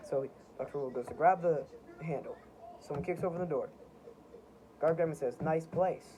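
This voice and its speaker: A man's voice: on the high side, fairly quick, mellow. A young man casually walking through his own comics, rambling and poking fun at them. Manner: rambling, self-mocking, chuckling. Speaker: amateur comic artist. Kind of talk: casual show-and-tell narration. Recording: noisy home recording.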